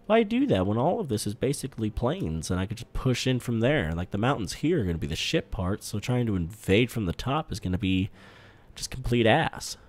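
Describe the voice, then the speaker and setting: A man's voice: fairly low pitch, sing-song, brisk, no room sound. Chatty young man narrating a strategy game. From United States. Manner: loose, swearing, chatty thinking aloud. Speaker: gaming YouTuber. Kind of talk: strategy game let's play commentary. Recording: game music in the background.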